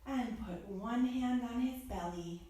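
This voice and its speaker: A woman, a kids' yoga teacher, telling a story to children in a playful way, greeting the listener with bright rising calls. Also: a little high, expressive, slow. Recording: roomy echo from far off.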